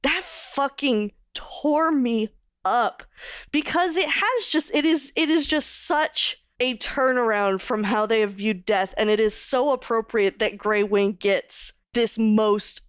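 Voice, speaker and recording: Woman podcast cohost gushing about books, high smooth voice, swears a lot, dry close mic. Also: slow, dry recording. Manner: animated, swears often, emotional retelling. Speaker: podcast co-host. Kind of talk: casual book discussion.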